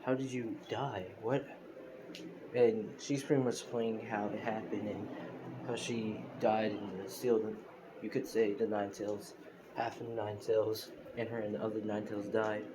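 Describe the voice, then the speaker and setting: A man's voice: lowish voice, flat delivery, normal speed, noisy background. A young man casually retelling a fan story over a phone recording, rambling with lots of fillers and self-corrections. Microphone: phone screen recorder.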